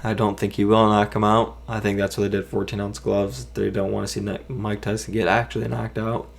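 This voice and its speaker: Low, flat-voiced man giving boxing picks. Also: a little fast, vocal fry. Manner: rambling, self-correcting, hedging opinions. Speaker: boxing commentator. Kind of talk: casual prediction vlog.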